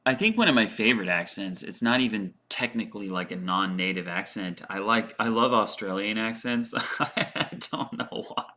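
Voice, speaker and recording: A man's voice: fairly low pitch, normal speed, bright, forceful tone. A man teaching English on a casual livestream, thinking aloud as he answers chat questions with lots of fillers and repeated words.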